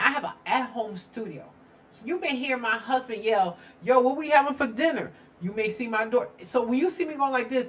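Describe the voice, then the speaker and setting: A middle-aged woman hosting a casual true-crime live stream from her home studio, chatty and rambling, laughing often. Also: medium pitch.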